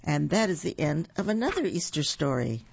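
Gravelly picture-book reader. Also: medium pitch, animated, brisk, muffled recording, slight background noise. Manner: chatty asides to young listeners. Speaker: storyteller. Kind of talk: reading a picture book aloud.

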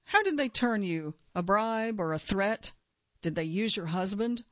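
A woman reading the lines of a gruff, paranoid, dying old male judge who barks and accuses. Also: medium pitch, expressive, unhurried, no echo, highs cut off, natural voice. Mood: suspicious, gruff. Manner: gruff, barking, suspicious.

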